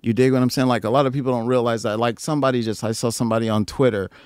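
A man telling stories in a casual chat, swearing freely, laughing often and jumping into loud, high mimicry. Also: steady tone, very fast, clean tone, no room sound, studio quality. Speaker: guest musician. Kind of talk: casual storytelling.

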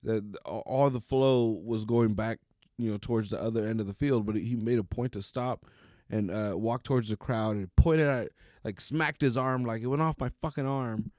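A man's voice: mid-range voice, moderate pace, a little mellow, no echo, clean studio sound. A man hosting a solo podcast, rambling and heated, swearing constantly as he vents. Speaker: podcast host. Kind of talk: casual solo podcast rant.

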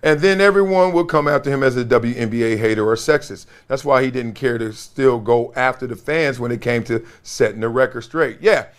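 A former football player hosting a sports talk show, talking animatedly, laughing and acting out quotes. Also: male voice, medium pitch, a little fast, few pauses, smooth. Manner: lively, laughing, acts out quotes.

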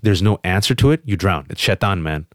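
A man's voice: deep voice, no echo, clean studio sound. Emphatic man telling a personal story. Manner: emphatic, fast restarts, animated quotes. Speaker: guest on a podcast.

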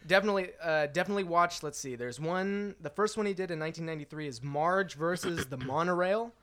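A man's voice: fairly high pitch, fairly bright tone. A man co-hosting a podcast, chatting casually and joking around. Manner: jokey, quick to laugh. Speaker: podcast co-host. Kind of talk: casual chat.

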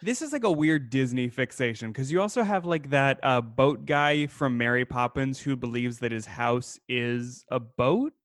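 A man co-hosting a casual podcast about an old film, rambling and animated, laughing as he talks. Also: mid-range voice, moderate pace, few pauses, no echo, clean studio sound. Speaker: podcast co-host.

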